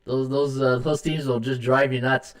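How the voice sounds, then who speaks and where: A man's voice: mid-range voice, level tone, normal speed. A middle-aged man hosts a live sports betting podcast, rambling with many fillers and reading viewer comments aloud. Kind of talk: casual live-stream chat.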